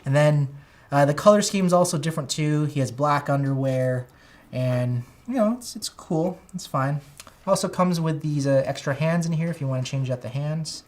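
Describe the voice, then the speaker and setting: A man with a high-pitched, whiny voice, rambling enthusiastically as he chats casually on a toy unboxing livestream. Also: normal speed. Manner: rambling, enthusiastic, self-correcting. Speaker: toy collector streamer.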